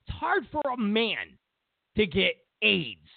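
A man's voice: high-pitched, huge pitch swings, slow pace, creaky, no echo, narrow, tinny audio. A man hosting a political commentary show, ranting sarcastically and exasperatedly, repeating himself as he mocks the news.

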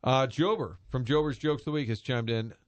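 A man's voice: medium pitch, a little fast, highs cut off. A man co-hosting a sports talk radio show, joking with his partners and leading into the ads. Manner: lively, joking, steers to ads. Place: radio studio.

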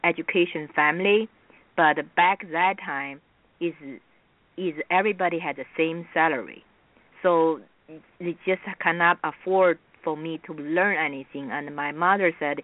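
A woman from China with a Chinese accent, whose first language is Mandarin, being interviewed as a guest actress on radio; she talks haltingly and restarts often, in simple non-native grammar. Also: deep voice, no room sound. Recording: dry, tinny phone line.

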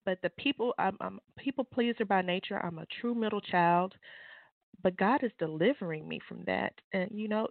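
A woman's voice: moderate pace, gravelly, dry recording. Fervent woman on a tinny phone line. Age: adult mother. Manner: fervent, preachy, swings into high exclamations. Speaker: author and guest. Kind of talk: testimony on a call-in show.

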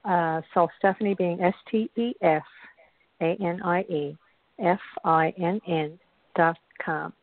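A woman from Newfoundland with a Newfoundland accent, giving calm, gentle spiritual advice on a call-in show. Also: fairly low pitch, a little slow, dry recording. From Newfoundland, Canada. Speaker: spiritual show guest host. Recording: dry tinny phone line.

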